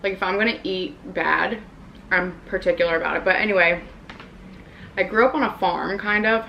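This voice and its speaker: A woman's voice: on the low side, steady tone, moderate pace, gravelly, highs cut off, a little hiss or hum. A young woman vlogger in a casual mukbang, chatting and rambling while she eats, in her apartment. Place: apartment room in New York.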